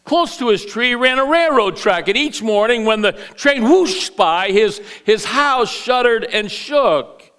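A man preaching from the pulpit, spinning a story for his congregation. His voice is high and bright, and it swoops up and down with lots of expression. He takes his time, setting each phrase down at an unhurried pace. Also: clean tone. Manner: animated storyteller, acts out voices. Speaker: pastor. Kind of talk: Easter sermon with storytelling. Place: church sanctuary.

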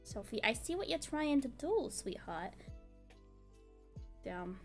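A sleepy, tired woman chats in a high voice, taking her time between words. She talks casually, drawing her phrases out. Soft music plays faintly behind her. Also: big pitch swings. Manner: sleepy, drawn-out casual talk with soft laughs. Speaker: streamer. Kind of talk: casual chat.

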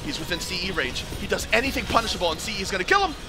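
A man commentating a live fighting game tournament and hosting the winner's interview, excitable and joking, shouting at big moments. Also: high-pitched, racing, loud music behind the voice. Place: arcade tournament venue.

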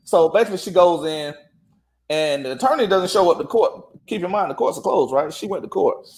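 Animated man telling a story. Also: high-pitched, brisk, slight background noise. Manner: animated, acts out quoted dialogue. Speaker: guest. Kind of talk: casual storytelling.

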